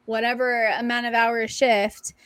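A woman's voice: on the high side, flat delivery, measured pace, fairly bright tone, clean tone, no echo. A young adult woman co-hosting a podcast, telling stories in a casual, profane, emphatic way. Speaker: podcast co-host. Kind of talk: casual chat.

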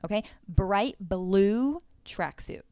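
Gravelly-voiced woman telling a wild story. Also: mid-range voice, slow pace, no echo, clean studio sound. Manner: animated, swearing, exclaiming. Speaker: podcast co-host. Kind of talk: casual storytelling.

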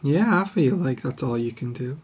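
A woman's voice: very deep voice, expressive, normal speed, a little mellow. A young woman from Middlesbrough with a Teesside accent, chatting on a podcast microphone, self-deprecating, laughing often and swearing. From Middlesbrough, England. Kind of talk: casual chat.

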